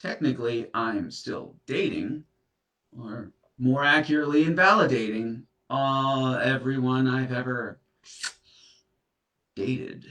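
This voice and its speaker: Slow and medium-pitched with a pushed, bright quality, the voice belongs to a man acting in a comedy sketch as a guilty serial dumper. Confronted by an ex's ghost, he stammers through apologies, captured by a far-off mic in a reverberant room.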